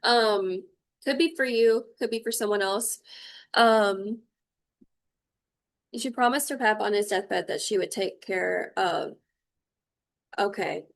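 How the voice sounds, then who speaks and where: A woman's voice: mid-range voice, takes it slowly, gravelly, pauses often. A young adult woman giving a livestream spiritual tarot reading. She talks bluntly and emotionally and swears freely. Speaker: intuitive tarot reader.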